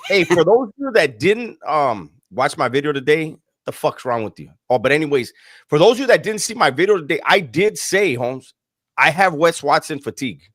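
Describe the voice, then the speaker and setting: A man's voice: on the high side, normal speed, no room sound. Guy hosting a live stream, cussing a lot, voice jumps all over, dry sound. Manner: profane, mocking, animated. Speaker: host. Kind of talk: casual live-stream chat.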